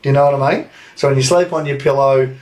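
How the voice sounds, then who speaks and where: A man's voice: medium pitch, fairly even intonation, fast talker, a little mellow. An Australian man hosting a podcast, telling a story in a casual, sweary way and laughing often. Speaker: podcast host. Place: indoor room, recorded live.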